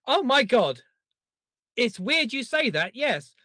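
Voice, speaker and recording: A man co-hosting a podcast, talking in an animated, self-mocking way with a very swinging, expressive pitch. His voice is bright and forward, recorded dry with no room around it. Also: slow pace, dry recording. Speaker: podcast co-host. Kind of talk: casual podcast chat.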